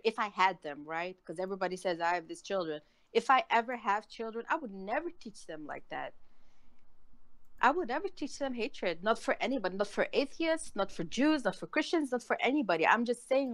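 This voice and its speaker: A woman's voice: a little high, fairly bright tone, no room sound. A woman in a heated casual chat, ranting angrily with a lot of swearing. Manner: angry, profane ranting.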